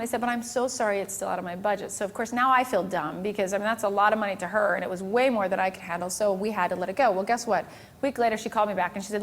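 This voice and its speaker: A woman photographer giving a talk, telling a story with lively acted-out dialogue and frequent laughter. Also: medium pitch, very fast. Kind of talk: storytelling presentation to an audience.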